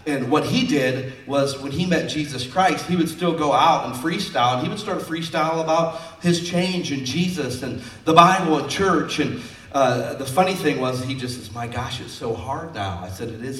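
A man's voice: medium pitch, a bit bright, echoey room, distant mic. A man preaching a sermon as pastor, folksy and conversational, acting out quotes from his stories.

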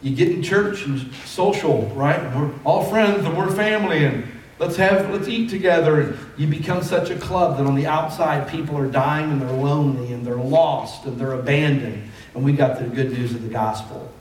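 Male pastor, conversational sermon with emphatic calls, slightly high voice, distant mic in a reverberant sanctuary. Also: normal speed, darkish tone, a little hiss or hum. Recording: echoey hall from far off.

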